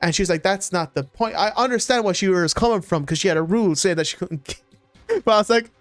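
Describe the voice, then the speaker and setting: A young Irish man in his twenties telling animated stories in casual chat as a streamer, laughing often. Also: high voice, brisk, no room sound, faint music behind.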